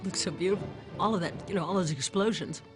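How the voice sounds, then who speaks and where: A woman's voice: on the low side, fast, over music. A woman recalling performers fondly and enthusiastically in a documentary interview.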